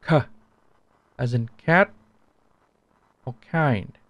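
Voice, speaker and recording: A man teaching a language pronunciation lesson, repeating each sound slowly so it can be compared. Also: medium pitch, no echo, dull audio.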